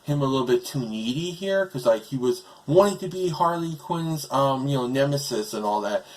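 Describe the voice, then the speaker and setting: A man's voice: medium pitch, animated, normal speed, low-quality recording. A man casually reviewing a show, rambling with many fillers, his voice breaking today.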